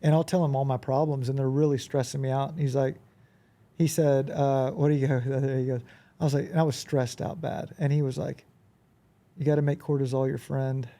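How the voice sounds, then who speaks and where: A man who is a podcast guest, telling animated anecdotes in a casual conversation and often acting out quoted dialogue. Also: medium pitch, a little fast. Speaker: podcast guest, business owner.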